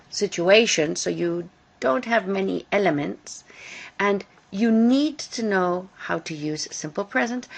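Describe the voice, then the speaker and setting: Slow, gravelly-voiced woman teaching grammar. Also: medium pitch. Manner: deliberate, repeats key words for emphasis. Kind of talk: recorded grammar lesson over slides.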